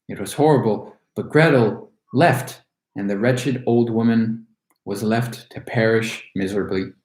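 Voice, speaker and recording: Guy reading a fairy tale out loud, expressive, roomy echo, middle pitch. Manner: expressive, storytelling. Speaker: storyteller.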